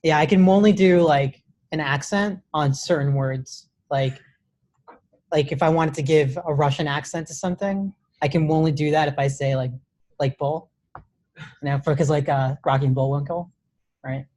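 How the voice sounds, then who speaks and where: A man's voice: a little high, fairly even intonation, normal speed, a little mellow. A man teaching a live coding class in a classroom, casual and chatty, with many restarts and "right?" checks. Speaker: coding instructor.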